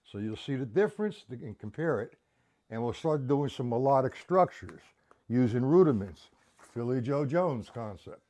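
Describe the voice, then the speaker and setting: A man's voice: mid-range voice, very animated, normal speed, dark tone. A man teaching a live-streamed drum lesson, counting beats aloud and checking in with viewers.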